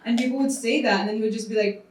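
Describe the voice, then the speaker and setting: A woman actor who grew up in India, telling lively stories during a panel Q&A at a screening. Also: on the high side, very fast, heavy background noise. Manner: animated storytelling with laughs. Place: private screening venue. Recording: roomy hall, far from mic.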